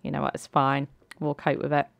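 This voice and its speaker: A woman's voice: rumbling low, completely flat delivery, fairly quick, creaky, dry recording. A woman narrating and commenting on a life-sim game in a chatty way, laughing and using lots of fillers. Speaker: let's play creator. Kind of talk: game commentary with voiced characters.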